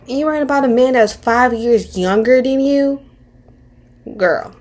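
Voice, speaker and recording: A woman's voice: high-pitched, unhurried, a little mellow. A woman in her twenties giving casual commentary on a reality show, candid and slangy, rambling with restarts and mocking impressions. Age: 20s.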